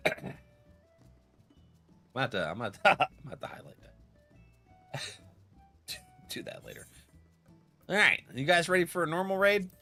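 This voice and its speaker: Game streamer, man in his thirties, stuffy with a cold, bright tone, swoops up and down, laughs a lot. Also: a little high, big pitch swings, normal speed, long pauses, faint music behind. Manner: rambling storyteller, laughs often. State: has a cold. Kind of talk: casual gaming stream chat.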